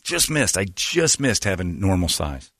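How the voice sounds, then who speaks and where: A middle-aged man hosting a casual comedic chat, telling stories with loud high-pitched impressions of other people. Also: very animated, measured pace, no room sound, clean studio sound. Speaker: podcast host.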